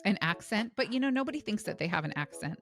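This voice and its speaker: A woman's voice: mid-range voice, animated, fast talker, fairly bright tone, faint music behind. A woman co-hosting a podcast, chatting casually with lots of laughter and filler words. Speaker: podcast co-host. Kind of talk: casual chat.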